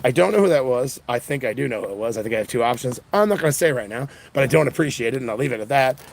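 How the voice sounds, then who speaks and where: A man around forty livestreaming from an outdoor punk festival, talking fast and in a scattered way with many restarts, exhausted. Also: mid-range voice, expressive, vocal fry, slight background noise. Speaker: independent political livestreamer. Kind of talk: rambling casual monologue.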